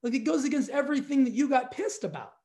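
A fitness studio owner telling viewers a story in a casual, exasperated rant, talking straight to the camera. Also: male voice, very high-pitched, very animated, fast talker, a little mellow.

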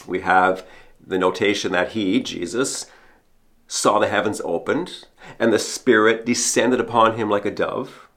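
A man preaching an earnest podcast homily, speaking like a priest and returning again and again to a steady refrain. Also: on the low side, a little slow. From Canada. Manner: earnest, repeats a refrain for emphasis. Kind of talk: sermon.

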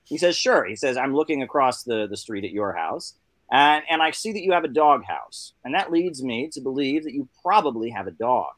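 A man's voice: mid-range voice, moderate pace, no room sound. A man telling jokes and stories in casual chat, doing little voices for the people in them. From New York. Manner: animated storyteller, doing voices for characters.

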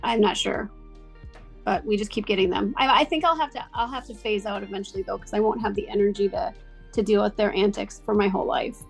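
A woman talking in a casual chat, chatty and animated with lots of fillers. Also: mid-range voice, fairly quick, vocal fry, faint music behind.

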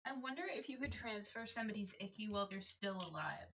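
Jokey bright-voiced woman co-host. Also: medium pitch, lively intonation, fast talker. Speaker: podcast co-host. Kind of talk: casual book-club chat.

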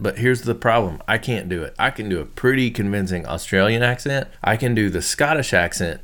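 Low-voiced man rambling as radio host. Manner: rambling, loose and joking, many fillers and restarts. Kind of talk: casual radio chat.

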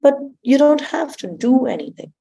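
A woman speaking as a guest transformation coach in a spiritual conversation, expressive and often laughing as she tells stories. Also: sits high, moderate pace, creaky. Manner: expressive storyteller, laughs often and acts out quotes.

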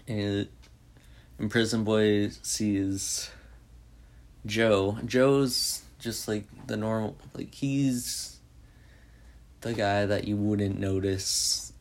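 A man's voice: on the low side, fairly even intonation, very slow, long pauses. A man casually recapping a movie in a rambling way, full of "like" and restarts. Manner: rambling, heavy use of "like". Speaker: movie reviewer.

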